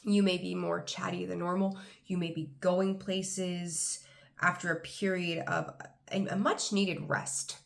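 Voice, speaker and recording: Woman tarot reader, gravelly fry, rambly and excited, lots of ums. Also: lowish voice. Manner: rambling, enthusiastic, frequent ums. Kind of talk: casual tarot reading to camera.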